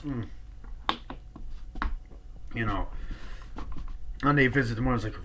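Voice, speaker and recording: A man talks loosely through a film review at home, swearing often and padding his talk with fillers. He acts out scenes in quick quoted snippets, and his jaw is sore. His voice sits at an ordinary pitch, with a faint hiss of noise behind it. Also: a bit bright. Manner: rambling, swears a lot, many fillers. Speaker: movie reviewer. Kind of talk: casual rambling review.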